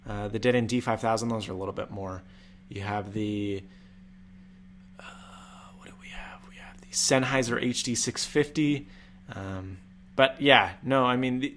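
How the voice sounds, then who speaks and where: A man hosting a casual live stream, talking in a chatty way with deliberate jumps up in pitch. He is from Utah and sits several feet from a USB mic in a room with a fan. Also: a bit bright, slight background noise. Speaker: tech live-stream host.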